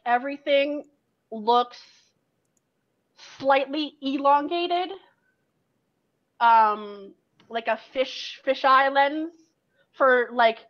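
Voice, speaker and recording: Woman GM, higher voice, slow and meandering second-person narration, dull lo-fi recording. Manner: loose and filler-heavy, full of likes and ums. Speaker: game master.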